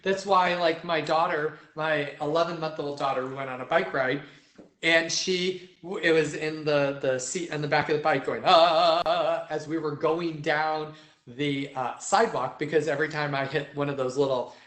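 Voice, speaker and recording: A man's voice: fairly high pitch, steady tone, normal speed, a bit bright. A young man teaching vocal technique to a choir, explaining step by step and often checking in with "right?". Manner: sings vocal demonstrations. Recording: roomy echo.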